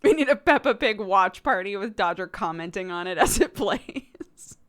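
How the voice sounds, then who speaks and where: Woman streamer, casual chat, lively up-and-down delivery, laughs a lot. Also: medium pitch, normal speed. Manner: animated, laughing, swearing. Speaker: livestream host.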